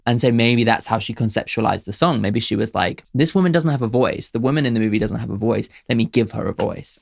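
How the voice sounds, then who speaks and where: A man hosting a music reaction show, thinking aloud casually, excitable, swearing freely and trailing off into musings. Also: on the low side, vocal fry. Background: music playing from the video.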